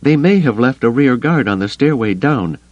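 A man's voice: medium pitch, expressive, moderate pace, dry recording, highs cut off, pitched above the performer's own voice, close to an everyday voice. A man voicing a tense, sarcastic woman smuggler. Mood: urgent, tense. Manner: clipped, urgent, sarcastic. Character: tense sharp-tongued female smuggler. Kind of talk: audiobook character voice.

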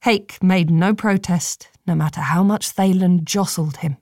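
A woman narrating an audiobook in a measured, steady storytelling manner. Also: on the low side, dry recording, studio quality.

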